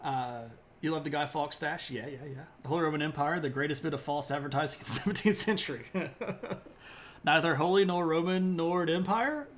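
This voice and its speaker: A man's voice: a little high, normal speed, slight background noise. A man giving a casual, joking history talk on a live stream, rambling with lots of fillers and stopping to greet viewers in chat. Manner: loose and rambling with many fillers.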